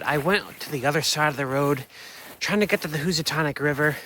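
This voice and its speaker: A man's voice: on the high side, a little fast, bright, forceful tone, a little hiss or hum. A man narrating a casual travel vlog to camera, thinking aloud in a loose, unsure, chatty way. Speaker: van-life vlogger.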